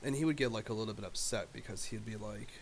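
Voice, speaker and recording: A man's voice: lowish voice, fast, creaky. Casual male streamer, loose and profane, telling a story with a faint hiss behind. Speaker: live streamer.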